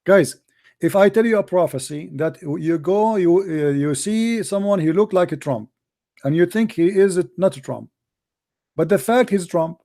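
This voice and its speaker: A man's voice: high-pitched, expressive, normal speed, mellow. A middle-aged man with an Arabic accent, hosting a call-in show and giving a polemical religious talk in a mocking, emphatic way with broken grammar.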